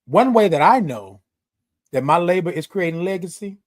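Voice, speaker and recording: A man with a high-pitched voice hosts a live morning stream over social media. His delivery is affectionate and repetitive, with a preacherly rhythm as he speaks straight to his viewers. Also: lively intonation, moderate pace. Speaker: host of a live morning show. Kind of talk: casual livestream talk.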